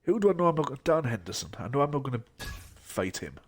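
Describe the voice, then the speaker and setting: A young man who is unwell rambles to himself during casual gaming stream commentary, mumbling asides as he goes. His medium-pitched voice is sing-song and quick, with a little hiss or hum in the audio.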